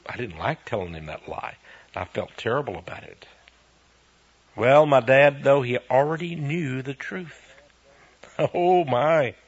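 An older man hosting a Christian show, giving a folksy devotional talk with homespun stories, soft chuckles and earnest asides. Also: on the high side, breathy edge, no echo, highs cut off.

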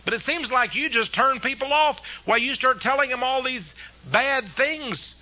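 A man preaching an impassioned sermon, firing rhetorical questions and dropping from loud peaks to hushed asides. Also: extremely high pitch, expressive, moderate pace, no room sound. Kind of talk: fiery sermon.

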